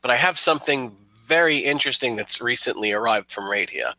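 A man's voice: mid-range voice, expressive, fairly quick, sharp tone, no room sound, low-quality recording. A man voicing an old, courteous retired commander. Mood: flattering. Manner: polite, formal welcoming speech.

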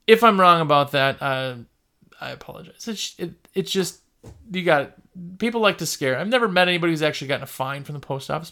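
A man's voice: a little high, vocal fry, pushed and bright. A man who runs a window cleaning business, giving casual, jokey advice and telling stories with quoted customers.

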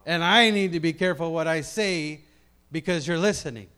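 A man preaching a sermon to a congregation, swinging between quiet reflective passages and loud emphatic ones, often repeating words as he builds up. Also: a little high, moderate pace, clean tone. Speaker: pastor.

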